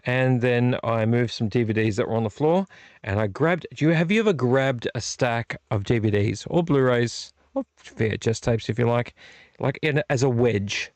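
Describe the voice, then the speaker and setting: A frustrated, weary man hosts a casual late-night vlog from his home movie collection room, rambling self-deprecatingly and restarting often. His voice is mid-range at a normal speed, and the recording is dry.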